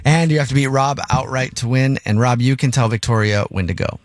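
A man's voice: mid-range voice, a little fast, no echo, clean studio sound. A man hosting a morning radio show, running a quiz and joking with his co-hosts. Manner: laid-back, joking, laughs often. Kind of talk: casual radio banter.

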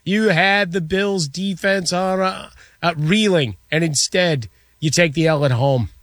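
A man co-hosting a sports radio show, adding quick jokes and comments. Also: high voice, fairly bright tone, dry recording, studio quality. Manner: quick joking interjections. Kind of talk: casual sports radio banter. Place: radio studio.

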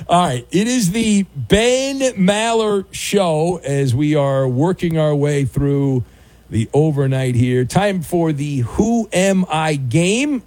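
A man's voice: mid-range voice, mellow, no room sound. A man hosting a late-night sports radio show, teasing his co-host in a dry, mock-sympathetic way and reading listener messages. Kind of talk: casual talk radio. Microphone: studio microphone.

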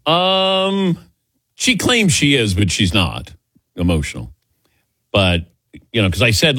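A man's voice: fairly low pitch, very animated, a little slow, long pauses, fairly bright tone, dry recording, studio quality. A man in his sixties hosting a radio sports call-in show, chatty and self-deprecating, laughing often. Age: 60s. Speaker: radio sports talk host. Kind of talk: casual call-in chat.

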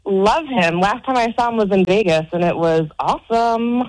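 A woman on a radio show talking in a gushing, rambling way, full of "like" and restarts. Her voice sits at a middle pitch and sounds close and dry. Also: normal speed, a little mellow, no room sound, poor audio. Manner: gushing, rambling with many fillers. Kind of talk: casual radio banter.

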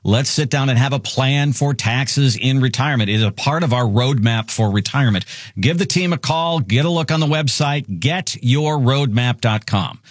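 A man's voice: mid-range voice, moderate pace, no echo, clean studio sound. A man hosting a financial radio talk show, upbeat and salesy, repeating his key phrases.

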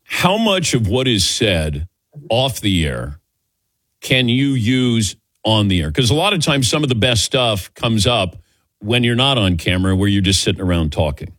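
A man hosting a sports talk radio show, upbeat and brisk as he runs through promos and asks questions into a studio microphone. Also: on the low side, big pitch swings, fairly bright tone, no echo.

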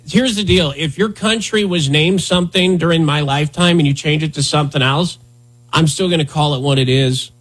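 Husky, sarcastic talk radio host. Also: male voice, on the high side, brisk, a bit bright. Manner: sarcastic, rambling, mock-indignant. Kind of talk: casual comedic talk radio banter.

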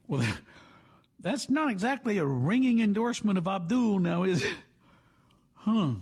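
A man's voice: sits high, big pitch swings, normal speed, husky. A man hosting a talk show, delivering sarcastic, opinionated commentary. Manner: sarcastic, mocking. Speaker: radio host.

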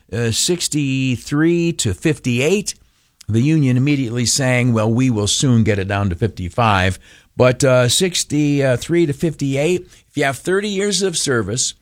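A man's voice: mid-range voice, no echo, clean studio sound. Sex: male. Role: talk radio host. Style: opinionated political commentary. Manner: rambling, folksy, sarcastic, full of "uh"s.

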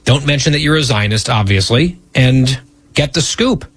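Guy hosting a radio show, husky voice, dry studio sound, teasing banter. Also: medium pitch, animated, normal speed, fairly bright tone, dry recording. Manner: teasing, wry.

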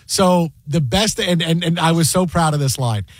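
A man hosting a casual on-air chat, telling a lively anecdote. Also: a little high, moderate pace, no room sound. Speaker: host.

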